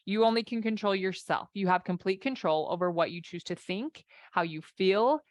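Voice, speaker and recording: A woman life and marriage coach giving an animated, conversational talk, acting out inner voices as she goes. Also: medium pitch, moderate pace, no echo.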